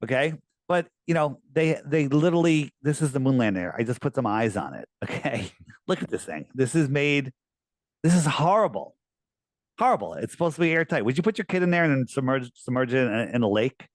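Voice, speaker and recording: Man, mid pitch, insistent and animated, dry close sound. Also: a little fast, no echo. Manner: animated, insistent, uses mocking put-on quotes. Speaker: guest. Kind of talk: casual conversation.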